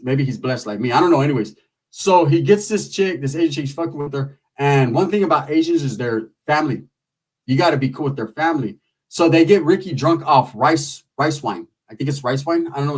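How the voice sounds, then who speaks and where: A man's voice: a little high, husky, distant mic. A man telling a profane, comedic street story in loose slang, acting out the people in it. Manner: loose street slang, animated with lots of acted quotes.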